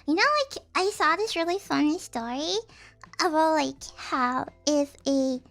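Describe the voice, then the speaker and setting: High-voiced giggly young woman streamer. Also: expressive, measured pace, fairly bright tone, soft background music. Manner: rambling, giggly, mimics people in quotes. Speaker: vtuber streamer. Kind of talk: casual chat stream.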